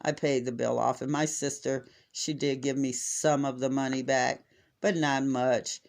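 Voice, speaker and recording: A middle-aged American man casually telling a family story to camera, exasperated and animated, acting out what people said. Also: mid-range voice, measured pace, creaky. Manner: exasperated, animated retelling with acted-out quotes.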